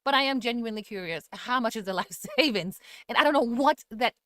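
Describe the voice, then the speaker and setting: A woman's voice: a little high, expressive, fast, a bit bright, no echo, clean studio sound. A woman hosting a casual reaction commentary, sarcastic and skeptical, with laughing asides. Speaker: commentary host.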